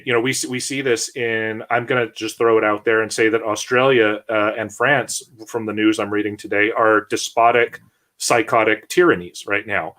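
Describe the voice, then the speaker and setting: Male host, mid-pitched, blunt and rambling with lots of restarts. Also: steady tone, normal speed, fairly bright tone. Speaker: podcast host. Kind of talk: casual political discussion.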